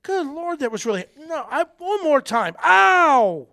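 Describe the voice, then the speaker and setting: A man's voice: very high voice, sing-song, unhurried, creaky, sharp tone, voice pushed up, exaggerated voice. A man voicing a small, stubborn boy who keeps touching a hot stove, whiny and incredulous.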